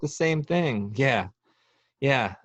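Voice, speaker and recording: A man's voice: medium pitch, expressive, slow, a bit bright, no echo, dull audio. A man as a podcast guest in casual chat, joking and rambling with lots of restarts.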